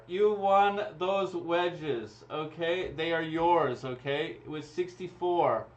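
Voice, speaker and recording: A man's voice: a little high, takes it slowly, few pauses. Chatty man hosting a raffle livestream. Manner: chatty and laughing, talking through each draw. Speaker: raffle host. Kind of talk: casual livestream chat. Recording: dull lo-fi stream audio.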